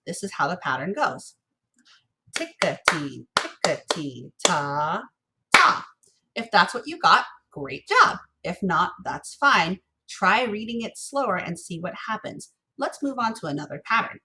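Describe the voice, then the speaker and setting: A woman music teacher giving a recorded lesson, patiently encouraging students and chanting rhythm syllables slowly. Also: mid-range voice, very animated, sharp tone, slightly rough.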